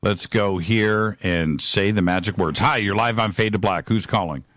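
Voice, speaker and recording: A man's voice: lowish voice, moderate pace, fairly bright tone. A man hosting a live call-in radio show, enthusiastic and rambling.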